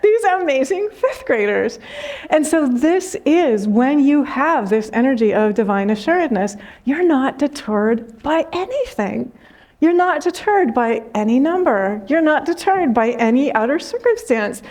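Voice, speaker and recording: A woman spiritual teacher speaks in a somewhat high voice, giving a reflective talk straight after meditation. She tells her story gently and often breaks into soft laughter. Her phrasing lingers without hurry. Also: sing-song, a little slow.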